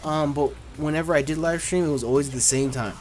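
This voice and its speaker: Man, gaming youtuber, casual q&a, blunt and laid-back, slightly raised pitch, faint music under him. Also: quick pace, darkish tone. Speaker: gaming YouTuber answering viewer questions. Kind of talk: casual Q&A chat.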